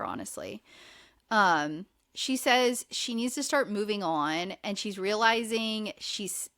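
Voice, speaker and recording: A woman's voice: lowish voice, a bit bright. Chatty woman podcast host. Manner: chatty, filler-heavy, swears freely. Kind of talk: casual chat recapping a reality show.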